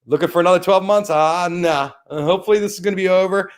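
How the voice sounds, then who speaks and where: A man's voice: high-pitched, quick pace. A middle-aged man hosting a casual live stream, rambling as he thanks viewers by name and plugs sponsors. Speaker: host of a live-stream show.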